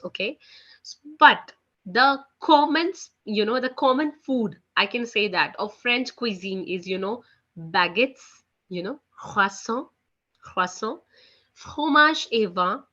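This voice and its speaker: Teaching a live French lesson online, a woman speaks in a medium-pitched, bright, forward voice. She's casual, dropping plenty of "you know" and "guys," while the call sound comes through dull and lo-fi.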